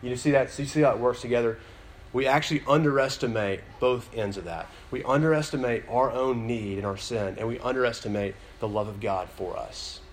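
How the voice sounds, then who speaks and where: A man's voice: mid-range voice, brisk, a little hiss or hum. A man giving a sermon in a conversational style, full of fillers and restarts, now and then building to an emphatic point. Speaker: pastor.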